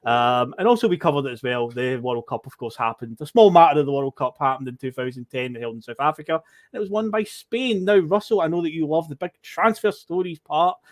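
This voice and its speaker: A Scottish man hosts a casual football podcast and runs through the season's results in a loose, meandering manner. His voice sits a little high for a man. The sound is close and dry, with no room around it. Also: animated, fairly quick, no room sound. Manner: recaps football news in a chatty, rambling way. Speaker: podcast host. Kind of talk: casual chat.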